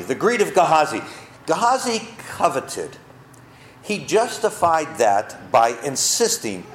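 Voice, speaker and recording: A man's voice: mid-range voice, roomy sound, a little hiss or hum. A man preaching a sermon to his congregation, emphatic, asking the listeners questions and answering them himself. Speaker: pastor. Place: church.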